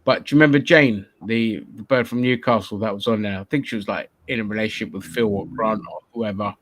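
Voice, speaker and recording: A man's voice: fairly low pitch, fairly even intonation, fast, fairly bright tone. A man from London hosting a casual podcast chat, rambling and swearing freely, often laughing. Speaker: podcast host.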